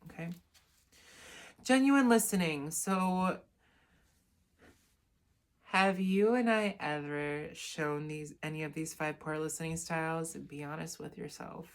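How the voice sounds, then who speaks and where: A woman's voice: deep voice, slow pace, pauses often. A woman reading from a self-help book in a casual lesson, adding chatty asides and correcting herself as she goes. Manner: reads aloud, then adds chatty asides and self-corrections.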